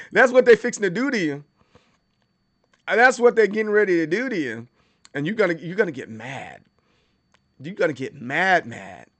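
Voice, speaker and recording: A male streamer talks in a relaxed, chatty way, repeating himself as he restarts sentences and then working up into playful mock indignation. His voice sits a bit higher than most men's. The sound is close and dry, with no room around it. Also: normal speed, pauses often, no room sound. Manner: animated, stammering restarts, mock outrage. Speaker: livestream host. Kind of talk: casual livestream chat.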